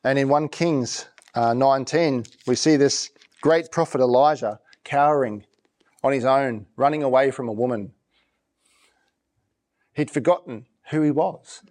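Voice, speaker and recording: A male pastor with a mid-range, slightly mellow voice preaches at a measured pace in a conversational style, often repeating and restarting his phrases.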